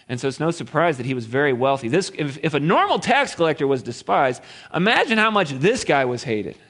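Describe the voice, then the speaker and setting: A man's voice: fairly high pitch, big pitch swings, a little fast, a bit bright. A man preaching a sermon, retelling a story in a playful way with laughs and acted-out quotes. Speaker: pastor.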